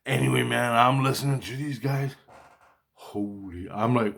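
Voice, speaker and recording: Excitable, profane man telling a story. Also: mid-range voice, measured pace, gravelly, a little hiss or hum. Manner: excitable, profane, repeats exclamations. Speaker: personal storyteller. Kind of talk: casual rambling monologue.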